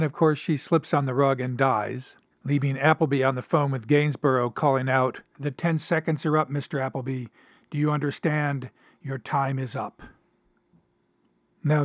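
A man hosting a talk show, reading passages from a story aloud and discussing them in a measured, dramatic way. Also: a little high, no echo, dull audio. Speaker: podcast host.

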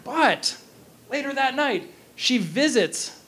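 Male lecturer, high voice, casual and jokey opera plot retelling, lots of ums and restarts. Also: expressive, takes it slowly, a bit bright.

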